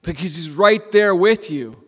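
Preaching man, dropping to hushed tones. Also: high voice, lively intonation, a little slow. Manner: dramatic swings from loud emphasis to hushed near-whispers; rhetorical questions and repetition. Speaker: pastor. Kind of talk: sermon. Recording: long hall reverb.

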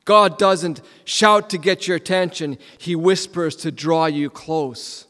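A man preaching a sermon as a pastor, asking rhetorical questions and repeating lines, swinging from loud emphasis to hushed near-whispers. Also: a little high, slow pace. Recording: long hall reverb.

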